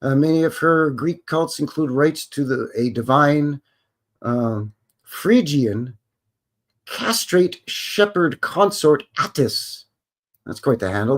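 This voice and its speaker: A man's voice: a little high, expressive, slow. A man hosting a casual live stream, reading text aloud and cutting in with wry, sarcastic remarks to his viewers, often stumbling and restarting.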